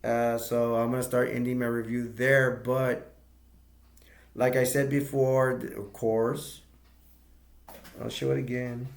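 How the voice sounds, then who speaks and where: A man's voice: medium pitch, level tone, slow, creaky, long pauses, roomy sound. A man giving a casual, rambling movie review, retelling the plot with many restarts and stops.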